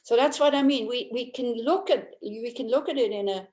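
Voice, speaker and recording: The recording's roomy echo surrounds an older woman's fairly high, slightly mellow voice as she gives a casual Buddhist teaching at normal speed. Anecdotal and humorous, she laughs readily and often restarts her sentences.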